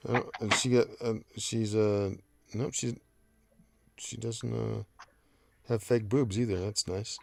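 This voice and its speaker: A man's voice: on the low side, fairly even intonation, slow, pauses often, a little hiss or hum. A man hosting a casual podcast chat, making dry jokes and reading out chat comments. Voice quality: gravelly. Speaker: podcast host.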